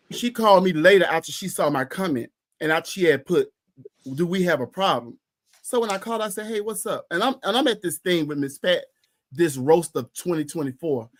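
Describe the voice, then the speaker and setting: A man co-hosting a podcast in casual chat, ranting heatedly and profanely with emphatic repetition. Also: on the high side. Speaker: podcast co-host.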